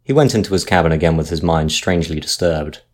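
A man reading a sea story aloud as narrator, in a measured, steady manner. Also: rumbling low.

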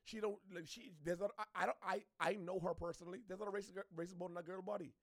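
A man from the Bahamas with a Bahamian accent, ranting to camera in an animated, preachy way, repeating his points. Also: high-pitched, fast, no room sound, studio quality. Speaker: social media commentator. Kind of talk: opinionated rant to camera.

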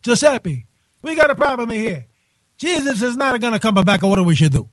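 A man's voice: very high-pitched, sing-song, normal speed, dry recording. A man voicing a chatty male cardinal in a hammy put-on Italian accent. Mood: breezy.

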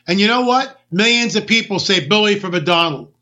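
A man with a high, bright, tense voice rants through a political talk monologue, hammering each point and throwing out rhetorical questions. The sound is dull and lo-fi, with the top end rolled off. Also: brisk. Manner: ranting, emphatic, rhetorical questions. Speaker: talk radio host.

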